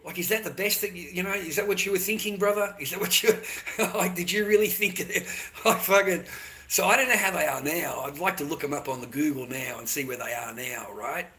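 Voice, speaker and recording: A man's voice: high-pitched, brisk, sharp tone. A man on a rambling, profane monologue, often tagging on "right?" and "mate". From Australia. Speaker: vlogger.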